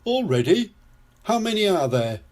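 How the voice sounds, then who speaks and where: A jolly, fussy daddy pig speaks loudly and heartily, as a man reads him out. The voice is husky and the storybook pace unhurried. The pitch swings widely. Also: expressive. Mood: hearty. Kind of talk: storybook read-aloud.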